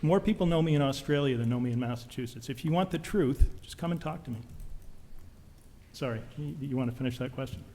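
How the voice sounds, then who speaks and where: A man's voice: medium pitch, warm tone. Angry man testifying in a reverberant hall. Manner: intense, accusatory, rapid technical jargon. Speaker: witness testifying at a legislative hearing. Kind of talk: public testimony. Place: legislative hearing room.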